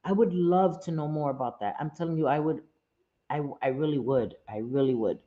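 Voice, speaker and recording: A woman's voice: deep voice, brisk, narrow, tinny audio. A woman hosting a casual livestream, talking straight to her viewers, often repeating herself and saying "um". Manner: repeats phrases, many "um" fillers, speaks straight to viewers. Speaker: livestream host.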